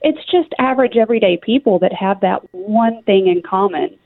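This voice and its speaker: Heard over a dry, phone-like line with slight background noise, a woman with a mid-range voice speaks at normal speed as a radio interview guest. She has a Southern US accent from Tennessee and talks in an earnest, conversational manner.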